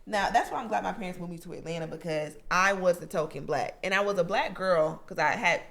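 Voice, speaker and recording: A young adult woman co-hosting a podcast, telling profane, animated stories in casual chat. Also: fairly low pitch, a little fast, creaky. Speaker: podcast co-host.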